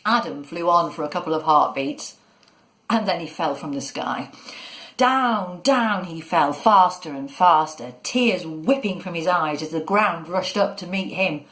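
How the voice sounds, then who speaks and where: A woman narrating a children's story in a measured, expressive way. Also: lowish voice. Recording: echoey room.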